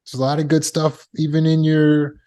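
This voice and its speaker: A man's voice: a little high, completely flat delivery, normal speed, warm tone. A man teaching trauma recovery as a coach, speaking emphatically and repeating phrases for effect. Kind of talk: motivational teaching talk.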